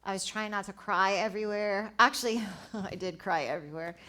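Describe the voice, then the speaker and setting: A woman's voice: medium pitch, a little fast, sharp tone. A woman telling personal travel stories at a live event, acting out dialogue and laughing often. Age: 40s. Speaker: travel writer and speaker. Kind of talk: storytelling talk at a live event.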